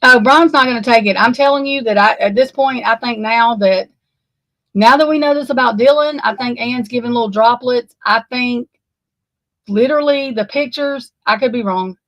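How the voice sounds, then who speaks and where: A woman giving shaken, emotional true crime commentary, halting and stammering, swearing, close to tears. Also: on the high side, a bit bright, no room sound, low-quality recording.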